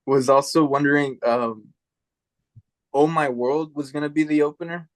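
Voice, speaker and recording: A man hosting a podcast interview, talking in a relaxed, hesitant way with slang. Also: a little high, moderate pace, no room sound. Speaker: podcast host. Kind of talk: casual interview chat.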